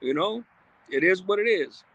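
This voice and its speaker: A man's voice: high-pitched, expressive, normal speed, a bit bright, muffled recording. A man hosting a livestream, reading viewer comments aloud in a blunt, streetwise, casual way with frequent profanity. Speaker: livestream host.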